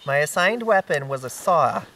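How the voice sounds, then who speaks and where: A man's voice: fairly high pitch, expressive, moderate pace, a bit bright. Easygoing man, heard from a distance. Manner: easygoing, filler-heavy encouragement. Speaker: co-host reading listener stories. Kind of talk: casual chat. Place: outdoors by a campfire. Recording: distant mic, faint noise.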